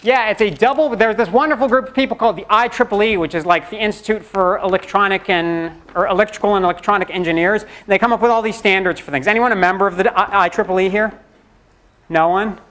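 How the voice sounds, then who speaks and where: A man's voice: sits high, fast, a bit bright. A middle-aged man giving a university programming lecture in a conversational, joking way, acting out students' questions. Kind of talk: classroom lecture. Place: lecture hall.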